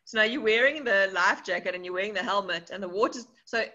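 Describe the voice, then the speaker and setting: A woman's voice: mid-range voice, quick pace. A woman hosting a casual interview, asking playful, joking questions. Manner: lively, playful, jokey questions. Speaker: podcast host. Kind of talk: casual chat. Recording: slightly dull lo-fi sound.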